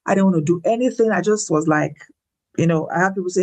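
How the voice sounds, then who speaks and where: A woman shares her faith testimony in an animated, preacherly way. She repeats words when she is emphatic, and her voice leaps upward as she retells a story. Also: lowish voice, fast talker. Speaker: guest speaker. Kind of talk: faith-based personal testimony.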